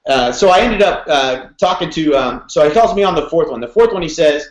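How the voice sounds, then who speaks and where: A man, a real estate broker in his thirties, telling a story in an interview, fast and energetic, acting out phone calls as he goes. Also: on the high side. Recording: roomy echo.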